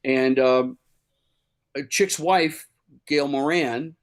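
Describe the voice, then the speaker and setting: A man's voice: medium pitch, very slow. A man from Chicago, a musician guest, telling stories in a casual interview with many fillers and restarts.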